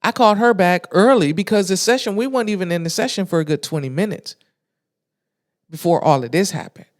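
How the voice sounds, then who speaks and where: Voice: mid-range voice, brisk. Exasperated podcast host telling a candid story. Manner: animated, candid, with frequent swearing and slang; exasperated retelling with frequent restarts. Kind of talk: casual storytelling monologue.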